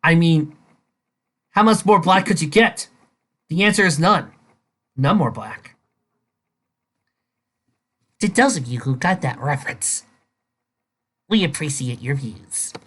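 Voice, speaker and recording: A woman's voice: sits low, expressive, slow pace, pauses often, fairly bright tone, breathy edge. A woman reading fan fiction aloud and ranting at it with sarcastic, incredulous commentary. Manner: incredulous, sarcastic, breaks into laughter. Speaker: fanfiction reader and reviewer.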